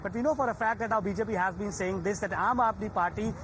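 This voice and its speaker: Indian guy reporting live, talks super fast, high voice, crowd noise all around. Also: fairly bright tone. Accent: Indian English. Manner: rapid, urgent reporting with many fillers. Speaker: field reporter. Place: outdoor protest site.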